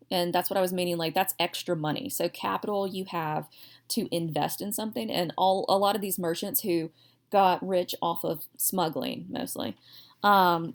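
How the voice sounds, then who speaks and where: A woman teaching history in a rambling, conversational lecture, wandering into asides and joking at her own expense. Her voice sits a little low and has a gravelly, fry-heavy edge. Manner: chatty, digressive, self-deprecating humor. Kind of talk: recorded classroom lecture.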